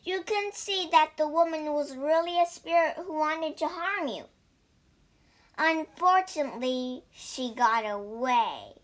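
A woman voicing a brash young male monkey hero in a storybook reading, loud and exclaiming. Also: high-pitched, lively intonation, measured pace, voice pushed up. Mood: indignant.

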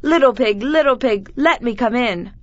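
A woman's voice: a little high, expressive, moderate pace, no room sound, muffled recording. A woman voicing the big bad wolf from a storybook, a greedy male wolf who growls and blusters his threats. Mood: threatening.

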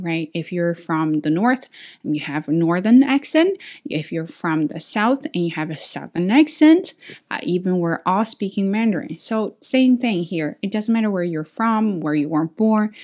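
A woman teacher with a fairly low voice, not a native English speaker, talks to her students in an unhurried, reflective way. She often restarts and corrects herself mid-sentence as she works through her thoughts. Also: warm tone.

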